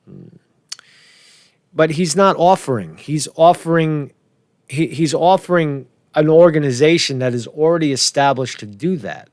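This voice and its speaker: A man's voice: on the high side, measured pace, darkish tone, dry recording, studio quality. A man rambling through political commentary in a casual vlog, swearing, chuckling and restarting his sentences while he keeps asking "right?".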